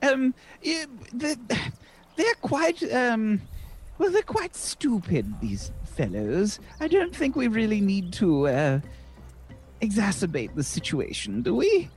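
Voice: mid-range voice, huge pitch swings, takes it slowly, darkish tone, slightly rough, soft background music. A player in a tabletop game speaking in-character with hesitant, polite and formal wording.

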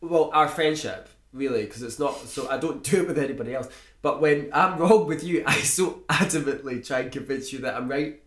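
A man's voice: medium pitch, reverberant. A young man in casual chat as a podcast co-host, teasing, swearing and laughing often.

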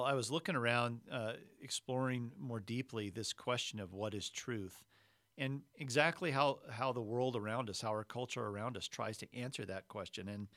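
Measured, conversational male preacher, dry sound. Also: mid-range voice, a bit bright, no room sound. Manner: conversational, measured, explanatory asides. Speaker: pastor. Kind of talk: sermon with scripture reading.

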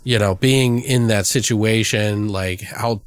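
A man's voice: on the low side, slow, clear, resonant tone, no echo, clean studio sound. A man co-hosting a casual movie chat, rambling loosely, swearing freely and joking at his own expense. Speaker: podcast co-host.

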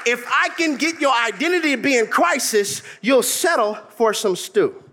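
A man preaching a sermon, mixing humor and mimicry with sudden shouts. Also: extremely high pitch, expressive, normal speed, a faint crowd. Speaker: pastor.

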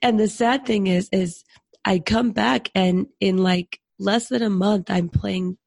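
A woman's voice: medium pitch, fairly even intonation, unhurried, creaky, darkish tone, dry recording. A woman podcast co-host chatting casually and self-deprecatingly while sick with a cold. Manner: chatty, self-deprecating, laughs through her words. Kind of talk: casual chat.

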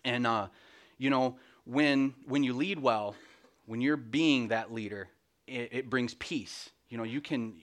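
A man's voice: mid-range voice, measured pace. A middle-aged man giving a candid, self-deprecating personal testimony in church, full of restarts and little laughs. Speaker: lay speaker.

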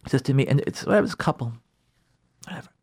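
A rabbi gives an emphatic radio talk on Jewish law and marriage, talking very fast in a medium-pitched, expressive, husky voice with vocal fry. He repeats key words and acts out his listeners' objections.

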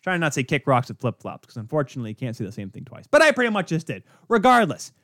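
A man's voice: on the high side, wildly swooping pitch, quick pace, a bit bright, dry recording, studio quality. A man hosting a sports podcast, ranting in an exasperated, sarcastic way. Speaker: podcast host. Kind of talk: heated sports rant.

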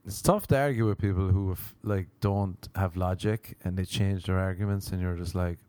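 A man's voice: sits low, normal speed, darkish tone, no room sound. Male comedian, young, rambling and profane, jumps into impressions, dry close sound. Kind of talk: comedic monologue.

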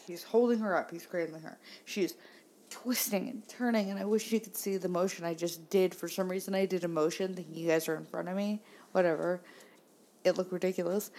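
A woman's voice: mid-range voice, steady tone, a little fast, a little mellow. Sarcastic, rambling woman podcaster. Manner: sarcastic, profane, rambling complaints. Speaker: podcast host. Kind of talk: casual solo podcast monologue.

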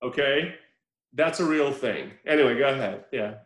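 A man on a podcast telling a movie scene in casual chat, animated and joking, mimicking the characters. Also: mid-range voice, moderate pace, roomy sound, poor audio. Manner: animated storytelling with laughs and mimicked quotes. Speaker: podcast co-host.

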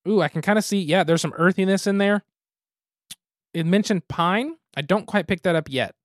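A man hosts a casual podcast reviewing beer and games, easygoing and methodical. His high voice moves at a moderate pace, studio quality with no room sound.

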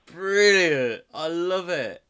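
Male podcast host, keen, bright edge to the voice, unhurried. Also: a little high, lively intonation, smooth. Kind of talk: interview questions.

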